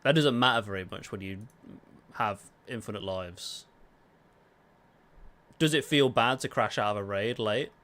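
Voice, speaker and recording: With a lowish voice, a measured pace, and long pauses, a young gaming livestreamer answers chat while playing. He keeps it relaxed and casual, swearing every so often.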